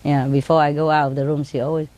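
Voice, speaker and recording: Chatty woman with slightly low voice. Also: level tone, quick pace, background noise. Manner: chatty, laughs often, mimics her birds in a high voice; non-native English grammar. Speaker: bird owner telling stories. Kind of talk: casual storytelling.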